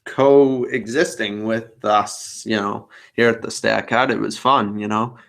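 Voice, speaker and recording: Gravelly-voiced rambling podcast host. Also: male voice, fairly low pitch, steady tone, slow pace, fairly bright tone. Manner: rambling, talkative. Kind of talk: casual chat over video call. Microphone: video call.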